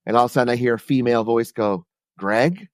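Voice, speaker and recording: A man's voice: mid-range voice, little pitch movement, very fast, darkish tone, clean tone, no room sound. Casual, swearing male storyteller, dry sound. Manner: loose, profane, rambling delivery. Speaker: podcast co-host.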